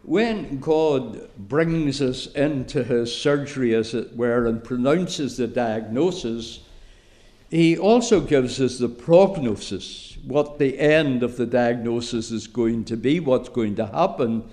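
Slow, deliberate Irish preacher man. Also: mid-range voice, mellow. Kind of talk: sermon.

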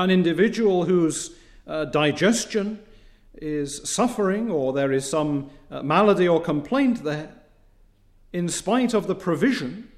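Slow, deliberate preacher man. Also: a little high. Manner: slow, deliberate preaching with emphatic rises and quiet drops; reads scripture in old biblical wording. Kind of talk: sermon.

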